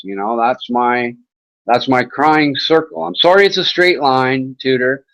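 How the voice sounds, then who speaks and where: A man's voice: medium pitch, measured pace, a bit bright, rough recording. A man hosting an internet talk show, chatting in a casual, rambling way with mocking sarcasm and swearing.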